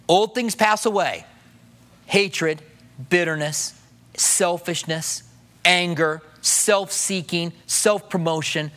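High-voiced man preaching a conversational sermon. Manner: conversational preaching with rhetorical questions; drops to a soft hush when voicing prayers. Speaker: pastor. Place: church.

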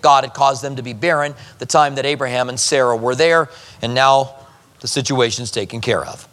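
A man's voice: mid-range voice, steady tone, moderate pace, a bit bright. A man preaching a verse-by-verse sermon as a pastor, with conversational asides to the congregation. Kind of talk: expository sermon. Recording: long hall reverb.

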